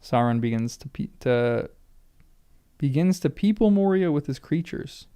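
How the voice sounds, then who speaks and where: A man's voice: fairly high pitch, expressive, unhurried, dark tone, smooth. A man reading a book aloud for the first time, stumbling over names and stopping to muse about pronunciation.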